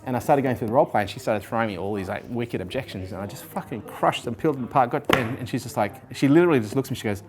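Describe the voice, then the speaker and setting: A man in his forties, a guest in an interview, telling his life story casually, animated and swearing freely while acting out what others said. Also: medium pitch, racing, hardly any pauses, heavy background noise. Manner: animated, swears freely, acts out quoted people.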